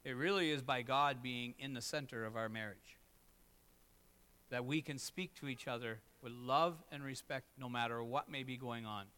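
A middle-aged man preaching a sermon as pastor, moving between loud emphatic lines and low, quiet asides. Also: normal speed, clear, resonant tone.

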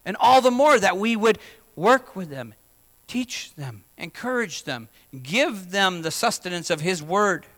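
Bright-voiced male pastor in a reverberant hall. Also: high-pitched, lively intonation, unhurried. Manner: conversational, asks the congregation questions. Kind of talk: sermon.

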